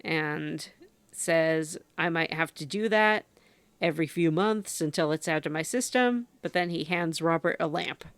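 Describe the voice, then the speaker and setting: A woman's voice: low-pitched, unhurried, fairly bright tone, clear, resonant tone, dry recording. A woman co-hosting a gaming podcast, casually recapping a story game's scenes and laughing often. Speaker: podcast co-host recapping a game. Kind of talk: casual chat.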